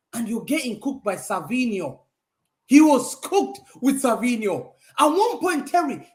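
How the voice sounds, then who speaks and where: Male fan-show pundit, high voice, swinging pitch, mocking and emphatic, roomy echo on the recording. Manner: animated, mocking, emphatic repetition. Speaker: football pundit. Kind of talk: heated football fan talk show rant.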